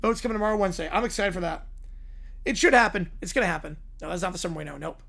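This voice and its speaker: A hoarse man streaming, giving quick offhand replies to chat in a casual Q&A. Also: high-pitched, sharp tone. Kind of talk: casual livestream Q&A.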